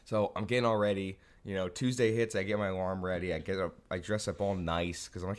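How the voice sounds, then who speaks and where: A man's voice: low-pitched, fairly even intonation, fast, few pauses. A young man co-hosting a podcast, laid-back and tired in the morning, telling a story with frequent laughs. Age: young adult. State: tired, just woke up. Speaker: podcast co-host. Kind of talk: casual chat.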